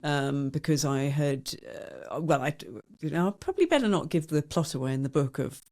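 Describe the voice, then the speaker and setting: A woman's voice: sits low, animated, a little fast, darkish tone. Wry woman guest, candid. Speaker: guest author. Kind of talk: conversational interview.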